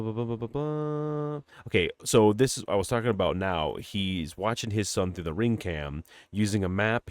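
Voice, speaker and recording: A man with a low-pitched voice chatting on a podcast, recorded close and dry with no room around him. He retells film scenes with energy, acts out the characters' lines and swears casually. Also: no echo. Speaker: podcast co-host. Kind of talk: casual movie chat.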